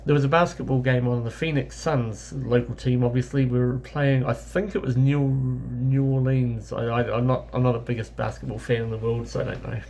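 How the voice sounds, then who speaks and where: A man's voice: medium pitch, flat delivery, moderate pace, creaky, hardly any pauses, darkish tone, a little hiss or hum. A man from New Zealand with a New Zealand accent, telling a casual travel story in a rambling way, correcting himself as he goes. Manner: rambling anecdotal, with many self-corrections and fillers. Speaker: travel vlogger.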